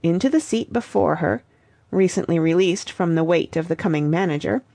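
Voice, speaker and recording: A woman reading a novel aloud in a steady, wry narrating style. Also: on the low side, normal speed, creaky, dry recording. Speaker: audiobook reader. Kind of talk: scripted narration.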